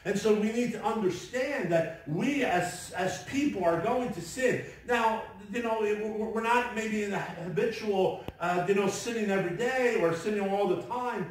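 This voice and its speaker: A man's voice: sits high, moderate pace, hardly any pauses. A man preaching a sermon as pastor, earnest, with frequent restarts and asides. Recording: very echoey room, voice from far off.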